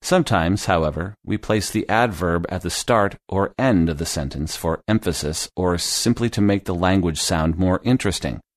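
Deep male English teacher, clear and deliberate, dry close recording. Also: dry recording. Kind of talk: scripted lesson narration.

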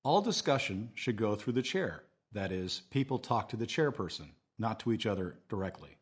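Low, husky-voiced male teacher. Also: lively intonation. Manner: clear, measured, modelling phrases for repetition. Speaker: English teacher narrator. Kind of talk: scripted lesson narration.

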